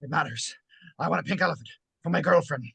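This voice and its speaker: A scarred young man fighting to hold back his rage, voiced by a man. He talks fast in a bright, fairly high voice, his words strained and clipped. It is an amateur script read-through with a dry sound. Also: gravelly, slightly rough, no echo, full character voice. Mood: tense.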